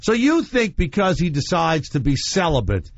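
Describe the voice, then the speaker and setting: A man's voice: fairly high pitch, big pitch swings, moderate pace, no echo. A man hosting a radio show, talking in a casual, rambling storytelling way. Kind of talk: casual talk radio chat. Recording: muffled radio broadcast.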